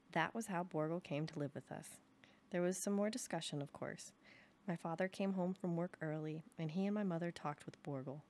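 A woman's voice: on the low side, normal speed, darkish tone. Woman reading a novel aloud. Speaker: reader.

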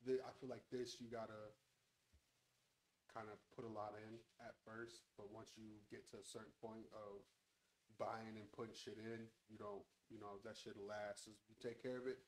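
A man's voice: on the low side, little pitch movement, normal speed, rough recording. A man hosting a casual podcast chat from a home studio, talking in a laid-back way with lots of swearing into a handheld mic. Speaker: podcast host.

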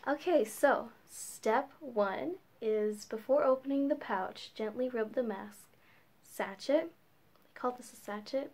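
Teen girl vlogger, slightly high voice, unhurried, giggly and chatty, home camera-mic sound. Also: darkish tone. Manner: giggly, chatty, lots of "like" fillers. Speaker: beauty vlogger. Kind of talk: casual vlog chat.

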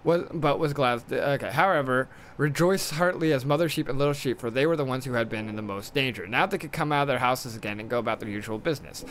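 A man's voice: mid-range voice, fast talker, hardly any pauses, a bit bright, a little hiss or hum. A male streamer reading a storybook aloud during a game stream, stumbling over words and adding irreverent asides.

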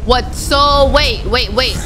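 A young woman playing a horror game on her channel, talking casually with slang, jumpy and dramatic, pleading when frightened and shouting at sudden scares. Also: sits high, slow, loud music behind the voice. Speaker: gaming YouTuber.

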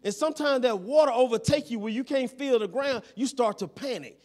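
High-voiced preaching man. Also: fairly quick, darkish tone. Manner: checks in with listeners constantly, repeating phrases. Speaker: pastor. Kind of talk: sermon.

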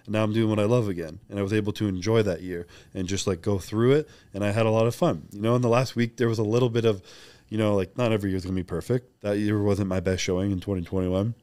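A young man speaking candidly as a podcast guest, reflective and open, sometimes reenacting conversations in quick bursts. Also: lowish voice, fairly even intonation, dark tone.

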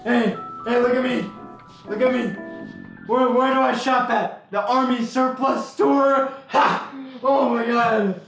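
High-pitched guy for a comedic VR let's play, brash and loud, in a very echoey room. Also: fairly even intonation, a little slow, gravelly, faint music behind. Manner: brash, loud, trash-talking. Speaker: gamer.

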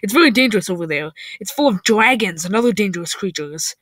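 A man voicing a female airport ticket attendant who talks in a snippy, quick manner. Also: sits high, animated, fairly bright tone, no room sound.

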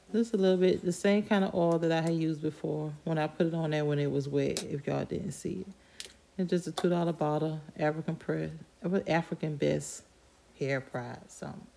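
A woman's voice: sits low, creaky. A woman chatting casually to her viewers at home as she does her hair, often calling them "y'all". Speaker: beauty vlogger. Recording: loud hair dryer noise over the voice. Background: loud hair dryer.

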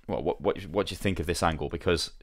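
A young man talks to his stream in a loose, rambling way, greeting viewers one by one. His voice sits a little low. It is casual hobby chat, never scripted. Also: fast. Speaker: streamer building models.

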